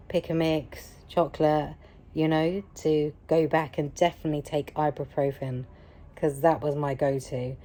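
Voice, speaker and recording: A woman recounts a personal experience in a loose, chatty vlog style. Her voice is mellow and a little low, and she leans on repetition for emphasis. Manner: emphatic, repetitive, animated retelling. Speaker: vlogger. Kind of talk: casual personal storytelling.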